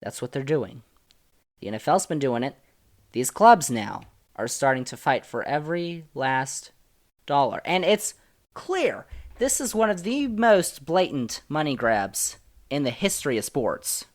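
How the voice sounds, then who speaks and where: A man hosts a solo sports podcast, talking through the news in an opinionated way. He is emphatic, jumping between loud and soft. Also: on the high side, sing-song, measured pace. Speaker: podcast host.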